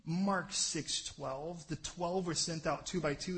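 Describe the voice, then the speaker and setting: A man preaching a sermon, speaking earnestly to his congregation and building to loud, rapid lists of scripture references. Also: sits high, low-quality recording. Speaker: pastor.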